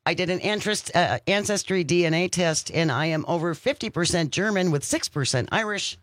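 A man's voice: high-pitched, fairly bright tone, dry recording. A man hosting a radio talk show, chatting casually and upbeat in the studio. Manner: upbeat, chatty, reads phone number slowly. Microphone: studio microphone.

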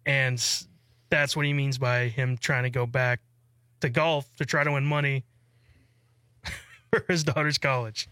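Easygoing male radio co-host, bright voice. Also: mid-range voice, steady tone, measured pace, long pauses, no echo, clean studio sound. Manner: easygoing, laughs often. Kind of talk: casual radio talk.

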